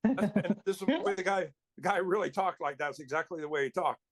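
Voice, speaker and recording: A man's voice: high voice, fast, fairly bright tone, no room sound. A male actor telling rambling anecdotes in casual chat, with restarts and chuckles. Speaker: actor guest.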